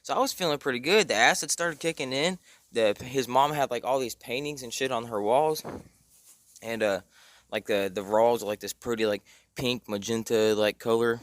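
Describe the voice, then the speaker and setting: A young man tells a casual story, rambling with slang, fillers and heavy cursing. His voice has a middle pitch. The sound is dry and close, with no room echo. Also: moderate pace. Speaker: storytime vlogger.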